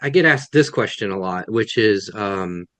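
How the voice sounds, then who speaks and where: A man's voice: lowish voice, expressive, normal speed, fairly bright tone, no room sound. A man, a guest author, answering questions on a video call in a thoughtful way, often restarting his sentences. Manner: thoughtful, self-correcting, many restarts. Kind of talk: webinar Q&A answers.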